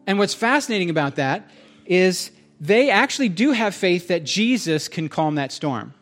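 A man preaching a sermon in a conversational, animated way, joking with the congregation in a church hall. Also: sits high, normal speed. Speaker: pastor.

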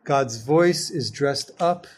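A man teaching a Jewish text class, reading Hebrew passages quickly and then explaining them, often building to emphatic, stressed phrases. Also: mid-range voice. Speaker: Torah teacher.

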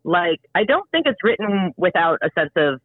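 A man's voice: high-pitched, big pitch swings, normal speed, husky, dry recording. Man on a tinny, phone-like line. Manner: filler-heavy, hesitant. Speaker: podcast co-host. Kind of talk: casual chat.

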